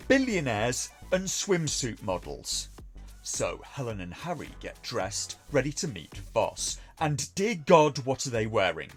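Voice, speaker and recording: Sardonic man reviewing a TV show. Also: on the high side. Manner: dry, sardonic, mocking. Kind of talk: sarcastic review commentary.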